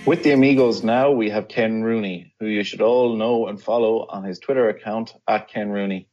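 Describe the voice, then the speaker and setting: Low-voiced man hosting a podcast. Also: steady tone, normal speed, a little mellow. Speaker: podcast host. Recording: dull lo-fi sound.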